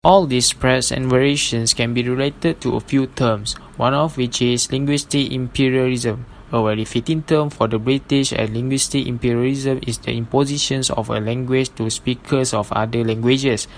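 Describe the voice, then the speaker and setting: A man's voice: medium pitch, steady tone, normal speed, hardly any pauses, slight background noise, low-quality recording. A young man in a class presentation, reading a formal argument in an earnest way. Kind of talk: read-aloud class presentation.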